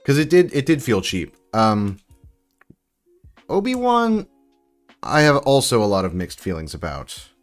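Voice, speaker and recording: A man's voice: on the low side, very animated, moderate pace, hardly any pauses, faint music behind. A man hosting a casual building live stream, rambling and chatting with viewers as he works. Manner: chatty, rambling, answers chat while building. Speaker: livestream host building sets.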